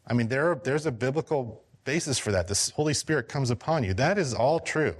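Pastor, male, mid-range voice, informal teaching tone, a bit hoarse from talking, lots of restarts. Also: mid-range voice, lively intonation, fairly quick. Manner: conversational, many restarts and fillers. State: losing his voice. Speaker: pastor teaching a Bible class. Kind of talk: casual Bible study teaching.

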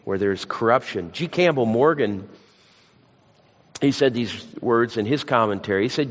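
A pastor preaches a sermon, blending scripture with folksy, self-deprecating stories. His voice is medium-pitched at a normal speed, captured in a lo-fi church hall recording.

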